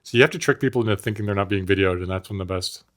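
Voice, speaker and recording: A man with a fairly low voice co-hosts a podcast in loose, casual chat. He keeps cracking jokes and laughing, and he slips into silly accents for fun. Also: racing. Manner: jokey, laughs often, plays with silly accents. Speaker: podcast co-host.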